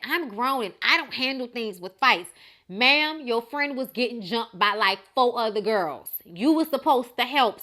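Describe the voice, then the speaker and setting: A young woman from Los Angeles recaps episodes in a sassy, animated chat, slipping into little acted-out quotes. Her voice sits a bit high and rings bright and sharp. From Los Angeles, USA. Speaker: TV show reviewer.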